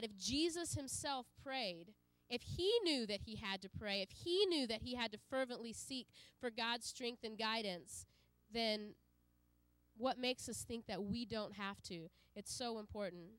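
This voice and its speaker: A woman's voice: fairly high pitch, a bit bright, dry recording. A woman giving an earnest sermon to a congregation, with frequent fillers and restarts. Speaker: preacher.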